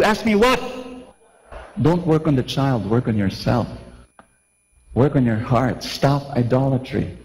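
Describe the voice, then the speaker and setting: A man in his forties preaching a lively sermon, asking his listeners questions and acting out scenes. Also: medium pitch, takes it slowly, long pauses. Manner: lively, asks the crowd questions, acts out scenes. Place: large church. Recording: long church reverb.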